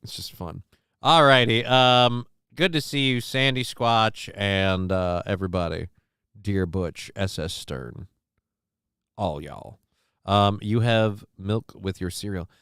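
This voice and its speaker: A man's voice: fairly low pitch, takes it slowly, fairly bright tone, clear, resonant tone, dry recording, studio quality. A man hosting a casual livestream, joking loosely and with profanity while reading out viewer comments. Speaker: livestream show host.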